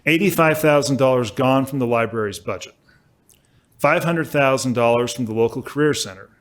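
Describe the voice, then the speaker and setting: A male law professor giving a prepared symposium lecture, measured and emphatic, with occasional self-corrections, at a podium microphone. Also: mid-range voice.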